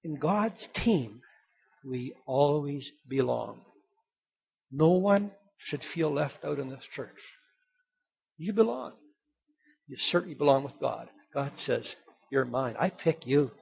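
High gravelly-voiced male preacher. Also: animated, slow, long pauses. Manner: emphatic, repeats key points, conversational asides. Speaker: pastor. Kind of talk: sermon. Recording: dull lo-fi sermon recording.

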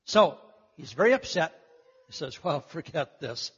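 A man preaching a sermon, telling the story with animated delivery and acting out the voices of the people in it. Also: a little high, measured pace, slightly rough. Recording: muffled, echoey hall.

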